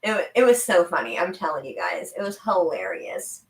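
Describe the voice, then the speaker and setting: A woman's voice: on the low side, big pitch swings, normal speed. A young woman with a faint Southern US accent, chatting casually on a live stream, rambling with frequent laughs. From American South. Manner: chatty and rambling, laughing often, talking to her dog. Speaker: livestream host. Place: room in her house. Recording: roomy home recording.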